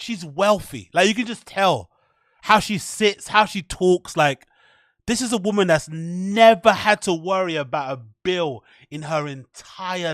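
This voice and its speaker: A man hosting a podcast, rambling in mocking, profane, animated commentary. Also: high voice, dry recording, clean studio sound. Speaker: podcast host.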